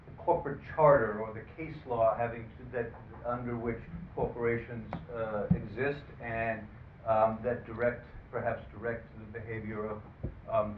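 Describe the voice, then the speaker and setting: A man moderating a panel discussion, who introduces the guests and runs an audience poll in a halting way, with many fillers and dry asides. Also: mid-range voice. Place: conference room. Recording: phone-like, roomy, distant, faint hiss.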